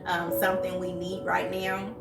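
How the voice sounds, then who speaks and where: A woman guest in a casual interview, talking in a halting way with many pauses and restarts. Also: fairly low pitch, monotone, vocal fry, reverberant, distant mic, loud music behind the voice. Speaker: guest, entrepreneur.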